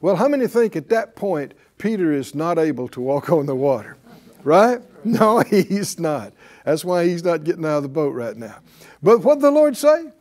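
A man's voice: fairly high pitch, sing-song, normal speed, a little mellow. A man preaching a sermon as pastor, drawing responses from the congregation with rhetorical questions and repeated key phrases.

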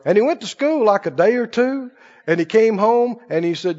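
A man preaching with a high, lively voice that swoops up and down as he tells folksy stories to his congregation. The recording is dull and lo-fi, and his voice rings in a long hall reverb. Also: normal speed. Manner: folksy storytelling, asks the congregation "Right?". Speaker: pastor. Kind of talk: sermon.

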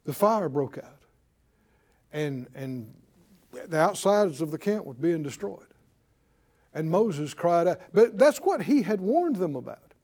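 A man's voice: a little high, sing-song, slow, long pauses, warm tone. A man preacher delivering a sermon, exhorting his congregation with rhetorical questions and often repeating words as he starts a phrase.

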